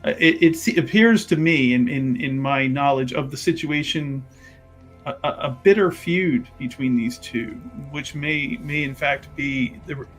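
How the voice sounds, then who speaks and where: A man voicing a courtly companion in a tabletop game, speaking in a halting, rambling way. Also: medium pitch, soft background music, natural voice. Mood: earnest. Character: hesitant courtly companion addressing a prince.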